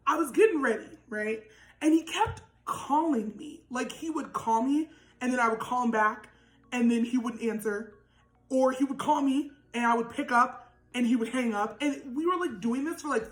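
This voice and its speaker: A young woman with a naturally loud voice telling a storytime vlog, animated and laughing, with lots of "like". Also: fairly high pitch, reverberant, poor audio. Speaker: vlogger.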